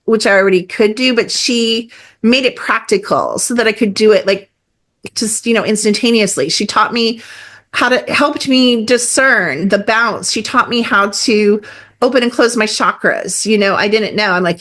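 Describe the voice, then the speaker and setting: A middle-aged woman talking as a guest on a podcast, animated and emphatic, with many fillers and acted-out quotes. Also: a little high, moderate pace. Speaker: guest energy healer. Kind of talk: casual podcast conversation.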